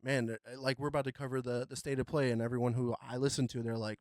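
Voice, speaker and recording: A young man hosting a podcast runs through gaming news in a loose, rambling way, with lots of fillers along the way. His voice sits at a middle pitch, and it is recorded close and dry with no room sound. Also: fast talker, dry recording. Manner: relaxed, rambling with many fillers. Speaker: podcast host. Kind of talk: casual gaming news chat.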